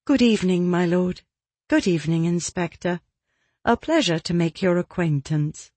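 A narrator voicing a refined young gentlewoman, polite and measured, in an audiobook. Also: fairly low pitch, no echo, close to an everyday voice. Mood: gracious.

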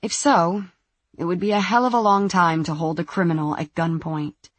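A woman narrating a suspense audiobook in a measured, even storytelling manner. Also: lowish voice, no echo. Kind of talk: scripted narration.

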